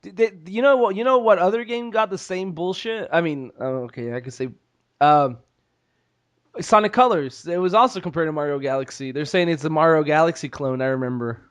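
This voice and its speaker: A man's voice: fairly high pitch, fairly quick. A man co-hosting a podcast, talking loosely, trailing off and swearing casually. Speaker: podcast co-host. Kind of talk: casual chat.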